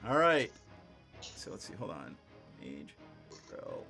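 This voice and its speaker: A man's voice: low voice, huge pitch swings, takes it slowly, creaky, bright, forceful tone, faint music behind. A man running a tabletop game as game master, narrating the action and laughing easily with his players over an online voice chat microphone. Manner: easygoing, laughs often while narrating.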